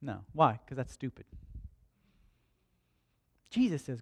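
Lively storytelling male preacher. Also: medium pitch, unhurried, pauses often, husky, dry recording. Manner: animated, conversational storytelling with humor. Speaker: pastor. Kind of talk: storytelling sermon.

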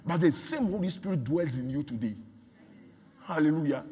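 A man preaching a sermon, repeating phrases and building from quiet talk to shouts. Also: on the high side, lively intonation, normal speed, a little hiss or hum. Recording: long hall reverb.

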